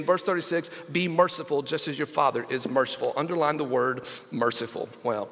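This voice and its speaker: A male senior pastor preaching a sermon, stressing scripture slowly and calling out to the congregation. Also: on the high side, creaky, a bit bright, in a large hall. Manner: emphatic, slows down to stress scripture; engages congregation with call-outs.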